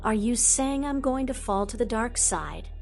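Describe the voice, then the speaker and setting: A woman's voice: a little high, animated, moderate pace, creaky, darkish tone, faint music behind. Woman doing a snappish teen boy wizard. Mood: mild. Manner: curt, snappish. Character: gruff, exasperated teenage boy wizard.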